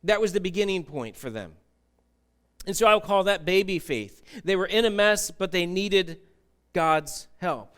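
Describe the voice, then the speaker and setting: A man's voice: high voice, animated, a little slow, fairly bright tone, clean tone. A man preaching a sermon as pastor, conversational, repeating key phrases and putting questions to the congregation. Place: church.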